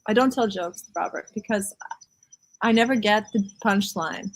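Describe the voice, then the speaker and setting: A woman talking as a guest in a casual conversation, chatty and expressive and often laughing as she speaks. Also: medium pitch, unhurried, a little hiss or hum, rough recording.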